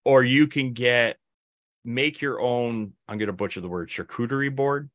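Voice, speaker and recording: A man's voice: mid-range voice, a little slow, a bit bright, no echo. A young man co-hosting a podcast in casual chat, telling rambling stories and acting out his friends' lines. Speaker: podcast co-host.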